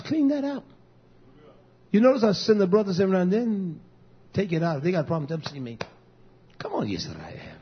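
A man preaching as pastor, telling stories and quoting himself in an animated way. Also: on the high side, husky, muffled recording. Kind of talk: sermon.

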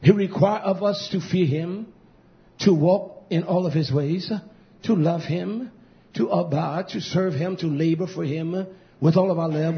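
A man preaching with fire, his fairly high voice climbing into shouts and then sinking to hushed near-whispers. He repeats his points with insistent emphasis. The recording is dull and lo-fi. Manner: emphatic, repetitive preaching cadence. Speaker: pastor. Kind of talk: sermon.

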